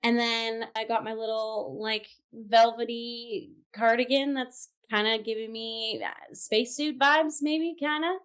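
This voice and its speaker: A woman's voice: fairly high pitch, steady tone, unhurried, few pauses, smooth. A bubbly young woman chatting casually as a regular panelist on a talk show. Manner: bubbly, playful. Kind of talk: casual chat.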